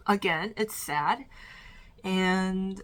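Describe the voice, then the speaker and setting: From her bedroom, a slightly out-of-breath young woman vlogs a rambling ranking of movies she's watched. Her mid-range voice is fairly bright with drawn-out words, and her chatty talk is full of fillers and trailing restarts.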